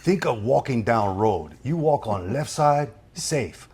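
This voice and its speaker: A man's voice: medium pitch, animated, takes it slowly, darkish tone, husky, exaggerated voice. A man voicing a wise elderly male karate teacher, speaking in clipped, broken English with sing-song sayings. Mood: teaching.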